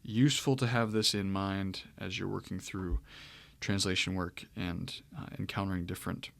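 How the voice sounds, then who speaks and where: A man teaching Greek grammar in a relaxed, explanatory way as he walks through a screen-share lecture, with frequent fillers. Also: low-pitched, moderate pace, creaky.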